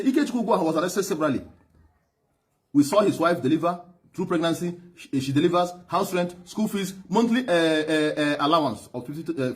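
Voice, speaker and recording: A middle-aged Nigerian man with a Nigerian accent giving an emphatic, repetitive personal testimony as a former driver and aide. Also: sits high. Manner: emphatic, repetitive, laughs heavily and stammers.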